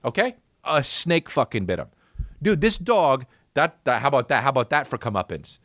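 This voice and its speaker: In a studio-quality recording with no room sound, a man of medium pitch and moderate pace hosts a podcast. He tells a comic story full of heavy swearing and acts out the voices of the people and the dog in it, an animated, profane storyteller.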